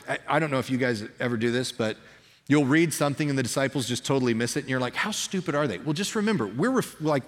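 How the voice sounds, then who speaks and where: Man, pastor, sermon, casual and animated, slightly high voice, long church reverb. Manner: conversational, animated, acts out dialogue.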